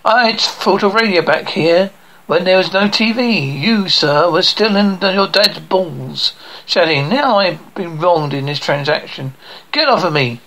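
An actor playing a short-tempered middle-aged family man in an animated series, blustering and swearing. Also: high voice, a little slow, heavily acted, rough recording. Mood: indignant.

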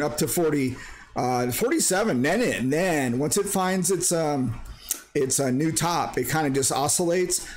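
A man in a casual, rambling screen-share vlog about crypto mining who jokes around and breaks into silly sing-song bits. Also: medium pitch.

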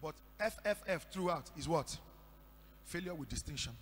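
Nigerian pastor shouting in an echoey hall. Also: male voice, on the high side, expressive, moderate pace. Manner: storytelling with sudden shouted declarations. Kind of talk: sermon. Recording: echoey hall with faint hum.

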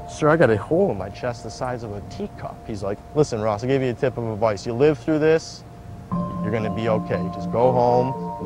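A man recounting his story in a loose, rambling way, leaning on fillers and acting out what others said. His pitch sits in the middle range for a man. Steady music plays underneath him. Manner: rambling, filler-heavy, acts out quoted voices. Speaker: interviewee telling his story. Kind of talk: casual spoken storytelling. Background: background music.

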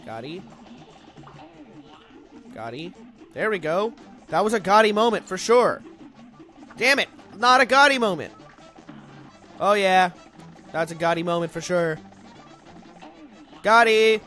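A young man doing casual, jokey let's-play commentary, rambling and breaking into loud outbursts when he fails. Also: high voice, measured pace, long pauses, faint music behind.

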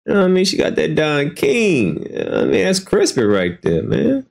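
A man's voice: fairly high pitch, huge pitch swings, a little fast, gravelly. Sarcastic man joking on a stream. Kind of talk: casual live-stream commentary.

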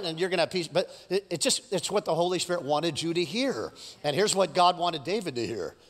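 A man preaching a sermon from a church stage, his high voice bright and forceful. He acts out the quotes of his story and keeps asking the congregation questions, and long reverb from the hall trails behind him. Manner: animated storytelling with acted-out quotes. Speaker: pastor.

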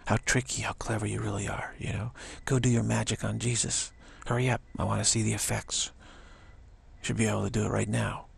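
A man's voice: lowish voice, little pitch movement, fairly quick, gravelly, breathy edge. A man giving a spiritual talk, taunting and challenging in a mocking tone. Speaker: spiritual teacher.

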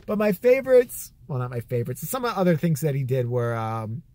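A man's voice: mid-range voice, lively intonation, fairly quick, darkish tone, dry recording. A man vlogging, telling crude comic stories in a rambling, profane way that keeps correcting itself. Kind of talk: comic storytelling.

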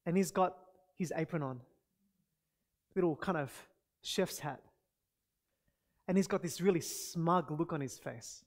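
A man's voice: on the high side, a little slow, pauses often. Name: none. Role: earnest male pastor preaching. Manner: earnest, exclamatory, addresses congregation directly. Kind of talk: sermon.

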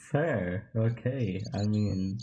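Slow rambling gamer guy reacting to the game, a bit of hiss behind. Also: fairly low pitch, mellow, lo-fi sound. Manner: rambling, trailing off, laughing at the game. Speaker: gaming streamer. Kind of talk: let's play commentary.

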